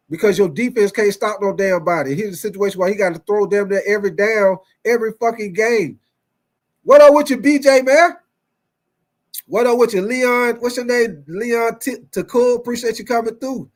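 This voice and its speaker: A young man with a drawl hosts a loose sports talk show in a fairly high voice. He rambles in an animated way, laughs often and circles back to repeat his lines as he calls out to viewers. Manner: animated, laughing often, repeats phrases, reads live chat. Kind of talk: casual chat.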